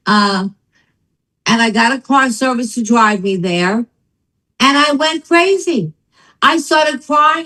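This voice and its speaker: On a rough recording, an older woman with a slightly high voice shares her story as a guest in easygoing conversation. She's an animated storyteller who performs the voices of those she quotes.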